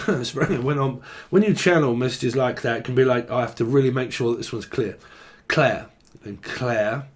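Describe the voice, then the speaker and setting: A man's voice: medium pitch, normal speed. A man giving a loose, rambling tarot reading, joking, swearing casually and free-associating on words as he goes. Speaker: tarot reader.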